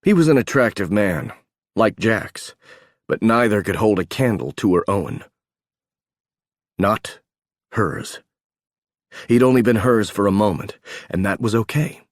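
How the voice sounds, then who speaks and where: A man narrating an audiobook in a steady, measured reading voice. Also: fairly low pitch, no room sound, clean studio sound. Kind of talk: scripted narration.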